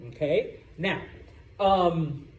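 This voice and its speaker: During a Spanish class lecture, a man with a slightly high voice draws out his words as he explains grammar. After each point he checks in with "okay?" The classroom sounds roomy, with faint background noise.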